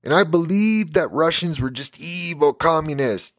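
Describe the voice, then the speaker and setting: A man's voice: fairly high pitch, moderate pace, fairly bright tone, no room sound, clean studio sound. An American man preaching a fiery live-stream sermon for his podcast, emphatic and tired. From United States.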